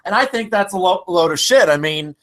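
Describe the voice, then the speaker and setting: A man co-hosting a casual discussion, blunt and animated, swearing freely. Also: high-pitched, brisk. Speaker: podcast co-host.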